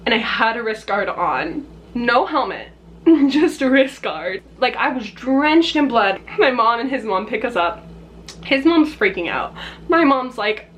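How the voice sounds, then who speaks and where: A young woman vlogger telling a casual storytime, chatty and quick to laugh, acting out what people said. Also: on the high side, fairly bright tone, a little hiss or hum. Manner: chatty, laughing often, swearing, acting out quotes.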